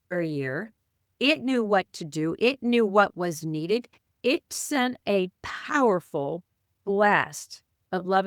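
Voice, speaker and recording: A woman, a spiritual teacher and guest, telling a personal story in an interview with vivid, playful sound words and the odd cleared throat. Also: medium pitch, no echo, clean studio sound. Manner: clears throat now and then.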